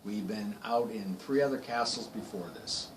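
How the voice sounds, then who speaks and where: A man's voice: fairly low pitch, normal speed, background noise. A middle-aged man talking enthusiastically in a casual travel vlog, repeating phrases for emphasis. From United States. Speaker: vlogger traveling with his wife.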